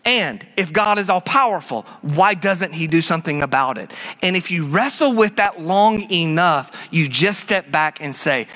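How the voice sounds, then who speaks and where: A middle-aged male pastor preaching a sermon in an animated way, dropping now and then to a low hush and putting on mocking high voices. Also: moderate pace, hardly any pauses.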